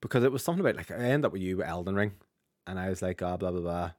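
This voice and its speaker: A man's voice: low voice, animated, no room sound, studio quality. A man with a Northern Irish accent co-hosting a gaming podcast in casual, sweary banter. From Northern Ireland. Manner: rapid, chatty, sweary banter. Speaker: podcast co-host.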